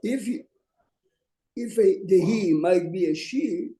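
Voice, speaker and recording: A man, a rabbi, giving a Talmud study lecture to students. He reads texts out rapidly, then stops to explain them and urges his students to listen. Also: sits high, mellow. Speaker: rabbi teaching a class. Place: classroom with students. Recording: roomy echo.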